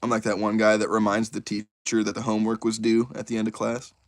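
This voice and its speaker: A young man hosting a casual live stream, excitable and chatty, talking straight to his chat. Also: lowish voice, quick pace, no room sound. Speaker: YouTuber host of a live stream.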